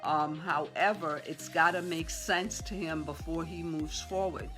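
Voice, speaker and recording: A woman teaching a sales training session to a group, talking fast with lots of fillers and acting out conversations with sellers. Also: low-pitched, steady tone, music in the background. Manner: talks fast, role-plays seller dialogue, many fillers. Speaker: real estate sales trainer. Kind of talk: live training talk to a room.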